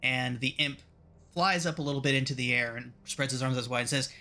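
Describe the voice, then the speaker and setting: A man narrating as game master of a tabletop role-playing game, describing scenes in a measured way. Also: mid-range voice, bright, forceful tone, faint music behind.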